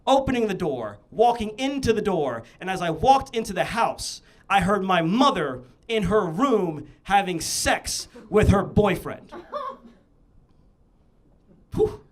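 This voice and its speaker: A young man performing a stand-up comedy set on a club stage, telling stories in an animated way with punchy asides. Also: high voice, takes it slowly. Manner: animated storytelling with punchy asides and frequent "you know what I'm saying".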